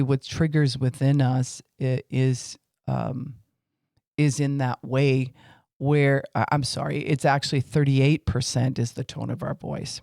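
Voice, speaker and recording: Guy doing a chatty faith teaching podcast, mid-pitch, lots of ums, acts out quotes. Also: creaky, darkish tone, no room sound, clean studio sound. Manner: informal, with fillers, acting out what people say.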